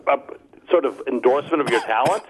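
A man's voice: mid-range voice, fast, a little hiss or hum, poor audio. A man co-hosting a casual comedy chat, telling stories with mocking impressions of people. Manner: animated, mocking impressions in storytelling. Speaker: comedian podcast co-host.

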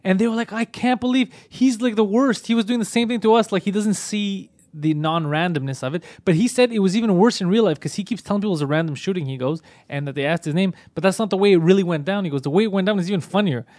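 A man who does stand-up comedy, telling stories in a casual podcast chat, profane and animated. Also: high voice, quick pace, few pauses, no room sound. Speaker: podcast host.

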